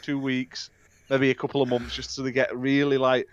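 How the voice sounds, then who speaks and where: A man's voice: medium pitch, little pitch movement, moderate pace, lo-fi sound, heavy background noise. A man from the UK co-hosting a gaming podcast, building up exaggerated comic stories in casual chat. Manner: spins exaggerated comic tales. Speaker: podcast co-host.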